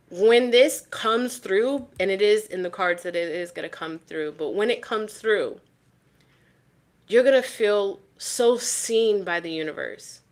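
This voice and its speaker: A woman giving a casual tarot reading straight to the viewer. She is animated and swears freely, and she repeats phrases for emphasis. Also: mid-range voice. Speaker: tarot reader.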